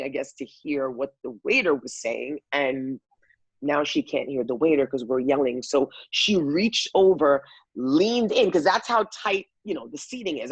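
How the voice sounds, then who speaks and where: A woman guest telling a lively personal story, acting out quotes from the people in it. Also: low voice, slightly rough, no echo, rough recording. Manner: lively, acts out quotes, many fillers.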